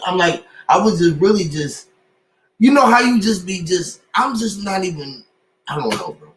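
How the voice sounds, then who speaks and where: A man in casual podcast chat, telling stories in an animated way and acting out what others said to him. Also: sits high, normal speed, rough recording.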